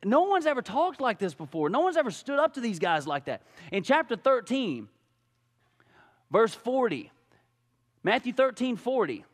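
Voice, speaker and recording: Pastor, male, very high lively voice, casual animated sermon, long church-hall reverb. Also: moderate pace. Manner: animated, casual preaching with rhetorical questions. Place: church sanctuary.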